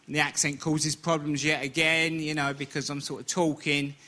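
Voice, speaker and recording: A man's voice: fairly high pitch, flat delivery, normal speed, bright, forceful tone. A man with a Cockney accent performing a stand-up comedy routine, telling stories with cheeky, boastful self-mockery. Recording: very noisy television broadcast recording.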